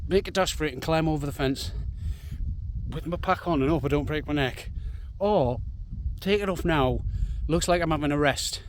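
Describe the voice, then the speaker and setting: A man's voice: a little high, moderate pace, slight background noise. A man, out of breath, chatting casually to camera while hiking and running across open moorland. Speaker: vlogger. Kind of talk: casual outdoor vlog narration. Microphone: handheld camera.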